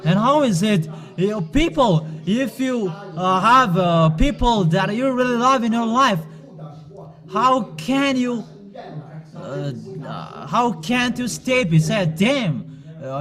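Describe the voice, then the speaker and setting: Slow, high-voiced male preacher. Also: expressive, fairly bright tone. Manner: halting, with frequent pauses and restarts; admonishing the congregation directly. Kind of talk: sermon.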